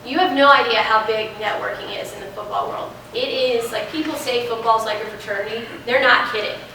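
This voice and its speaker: A young woman guest in a classroom Q&A speaks animatedly with a fairly high, sing-song voice that is bright and forceful and moves a little fast. She is heard from a distance in an echoey room with faint noise.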